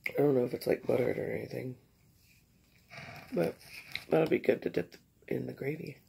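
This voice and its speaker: Woman vlogger, tired and raspy, gravelly fry, chatty and rambling while eating on camera. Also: rumbling low, moderate pace, dark tone, slight background noise. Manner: rambling, chatty between bites. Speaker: mukbang vlogger. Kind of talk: casual eating vlog chat.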